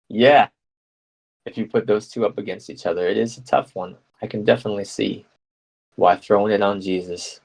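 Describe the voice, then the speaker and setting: A young man with a somewhat low voice and a New Jersey accent hosts a live radio talk show. He reads out listener comments and muses on them in a loose, rambling way. He often mocks himself with a playful, joking tone. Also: steady tone, normal speed, creaky, pauses often, a little mellow, poor audio. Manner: playful, rambling, self-mocking, with jokey put-on voices.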